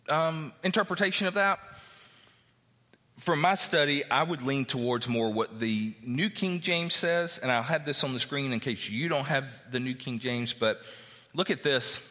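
A man's voice: medium pitch, sharp tone, long reverb tail. A male pastor preaching a sermon, reading verses aloud and explaining them in a conversational way.

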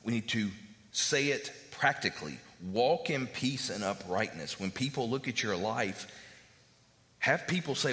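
Bright-toned preacher man in a reverberant church. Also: medium pitch, animated, measured pace. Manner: conversational preaching with fillers and repeated phrases. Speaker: pastor. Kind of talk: sermon.

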